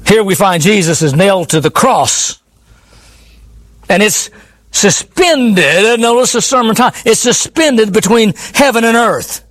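A man's voice: sits high, expressive, measured pace, a bit bright. A man preaching a sermon in an earnest, pleading way, often repeating his words.

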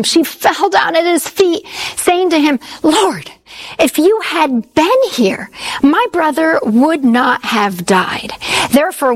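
A woman's voice: sits high, low-quality recording. A woman preaching a sermon, telling stories earnestly and repeating key phrases for emphasis.

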